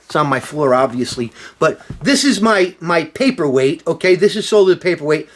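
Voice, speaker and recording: A man's voice: on the high side, lively intonation, a little fast. A man vlogging in a casual, rambling monologue, sarcastic and profane with lots of fillers.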